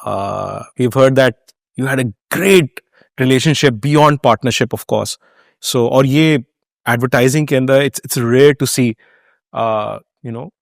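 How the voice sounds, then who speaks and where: A man's voice: medium pitch, moderate pace, vocal fry, dry recording, clean studio sound. A man with a Pakistani accent hosting an interview, asking questions and giving brief affirmations. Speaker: host. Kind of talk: conversational interview.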